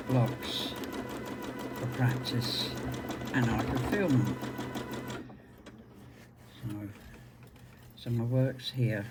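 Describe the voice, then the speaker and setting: An English woman with a rambling, chatty manner, talking casually to viewers while she machine-quilts. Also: very deep voice. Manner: rambling, chatty, self-deprecating asides. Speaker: quilting channel host. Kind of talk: casual chat while sewing. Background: loud music and a whirring sewing machine.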